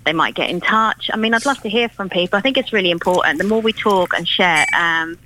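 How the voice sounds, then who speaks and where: A woman's voice: lowish voice, fairly quick, noisy background. A woman in her thirties from Ireland with a London English accent, a folk singer-songwriter chatting as a radio guest with plenty of ums and restarts. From Ireland, raised in East London. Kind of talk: casual radio interview.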